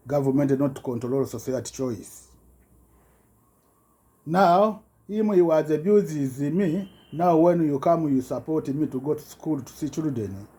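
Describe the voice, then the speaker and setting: A man giving a rambling personal account in halting broken English, full of restarts and repetitions, his voice jumping up when he gets agitated. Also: on the high side, mellow. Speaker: self-recorded complainant.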